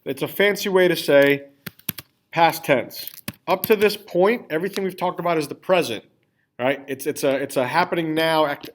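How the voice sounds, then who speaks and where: A man teaching a class, explaining grammar step by step, spelling out endings and checking in often with the students. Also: a little high. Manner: repeats "all right?" and checks in with students. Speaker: Spanish teacher. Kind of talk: classroom lesson with screen typing.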